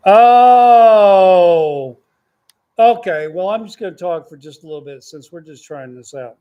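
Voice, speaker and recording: A man's voice: high voice, lively intonation, unhurried, lo-fi sound. An older man, rambling folksy stories to his grandchildren as host of a casual chat. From Texas.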